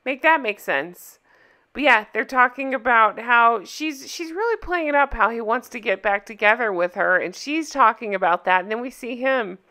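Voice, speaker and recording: A woman's voice: fairly high pitch, animated, normal speed, bright, forceful tone. A woman hosting a casual reaction video, sarcastic and laughing often as she comments into her microphone. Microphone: desk microphone.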